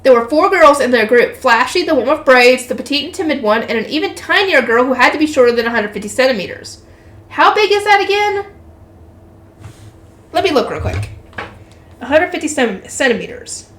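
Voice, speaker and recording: A woman's voice: high voice, animated, brisk, a bit bright. A woman reading a light novel aloud for her channel, breaking off into chatty, swearing asides. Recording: roomy echo.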